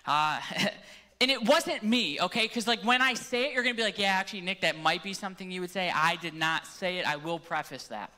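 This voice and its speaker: A man's voice: high voice, fairly quick, bright, forceful tone. A man preaching a sermon into a microphone, telling a joking, self-deprecating story before reading scripture. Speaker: pastor. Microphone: handheld or stage microphone.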